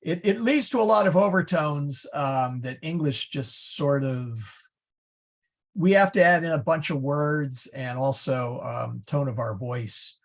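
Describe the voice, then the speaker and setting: A man teaching a Latin class over a video call, halting and explaining patiently with many restarts. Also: fairly high pitch.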